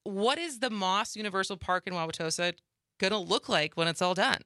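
A woman's voice: mid-range voice, fairly quick, bright, forceful tone, no echo, studio quality. A young woman hosting a radio talk show, chatting casually and laughing easily as she interviews a guest.

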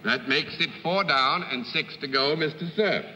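A man's voice: on the high side, normal speed, bright, forceful tone, a little hiss or hum. A man hosting a panel game show, genial and chuckling, heard on an old TV broadcast recording. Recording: echoey 1950s TV broadcast recording.

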